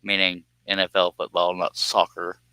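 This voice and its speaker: A man's voice: sits low, monotone, normal speed, bright, forceful tone, clear, resonant tone, no room sound. A man with a Southern US accent chatting casually to viewers on a phone live stream, rambling and self-deprecating with frequent chuckles.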